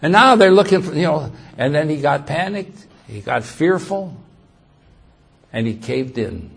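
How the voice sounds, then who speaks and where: A man preaching a sermon, slow and emphatic, who reads scripture aloud and grows louder when quoting it. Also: fairly high pitch, lively intonation, gravelly, breathy edge.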